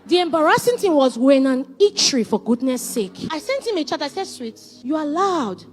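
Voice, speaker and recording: A woman, giving marriage advice as a counselor. She speaks in an animated, emphatic way and acts out conversations as she tells stories. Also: high-pitched, fast talker. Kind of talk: motivational relationship talk.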